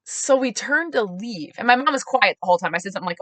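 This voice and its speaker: A woman tells a story on her podcast in a bright, clear voice. She acts out the people she quotes with sudden high jumps in pitch and laughs easily. The sound is dry and close to the mic. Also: animated, fast talker, dry recording. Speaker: podcast host telling a story. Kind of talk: casual storytelling monologue.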